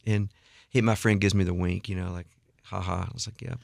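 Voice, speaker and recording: A middle-aged man telling a story in a radio studio interview, animated and acting out the people he quotes. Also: low voice, quick pace, dry recording. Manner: animated storyteller, acts out quotes, laughs often. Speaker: guest songwriter.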